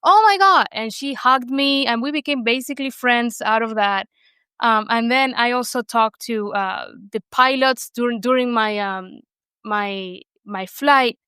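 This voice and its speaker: A young Argentine woman, a native Spanish speaker with an Argentine Spanish accent, tells her story as a guest in a conversational interview, using lots of fillers and restarts. Her voice is a little high and sharp, with fairly even intonation and a slightly slow pace, on a smooth recording with no echo.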